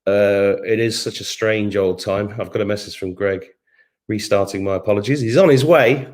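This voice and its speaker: A man's voice: lowish voice, moderate pace, a little mellow. Chatty man hosting a live stream. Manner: rambling, chatty, hums to himself between comments. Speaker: livestream host. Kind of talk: casual live chat, reading out viewer comments. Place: home kitchen.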